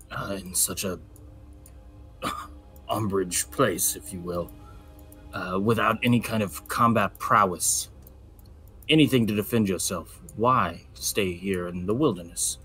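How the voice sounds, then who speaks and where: A man's voice: sits low, unhurried, fairly bright tone, soft background music. A man playing a tabletop role-playing game, talking hesitantly with many fillers while acting out his character. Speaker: player. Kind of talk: casual tabletop play.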